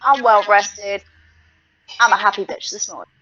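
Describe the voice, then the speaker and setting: A woman's voice: mid-range voice, fairly even intonation, normal speed, highs cut off, a loud crowd. A British woman playing a tabletop game, cheeky and blunt in casual chat. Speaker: player.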